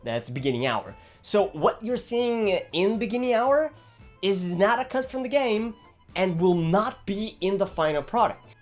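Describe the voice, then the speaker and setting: A young man from Brazil, chatting casually about a video game in an animated, rambling, jokey way. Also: high-pitched. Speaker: gaming vlogger.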